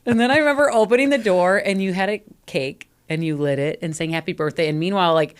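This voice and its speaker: A woman in her thirties co-hosts a relaxed chat show. Her voice sits on the low side, and she tells her stories in a chatty, animated way with frequent laughter. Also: fast talker, smooth. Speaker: co-host. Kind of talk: casual chat.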